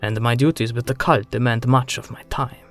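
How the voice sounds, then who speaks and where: A man's voice: medium pitch, steady tone, normal speed, faint music behind, natural voice. A man voicing a curt, scornful sorcerer-priest. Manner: curt, disdainful. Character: cold proud male sorcerer-priest, scornful.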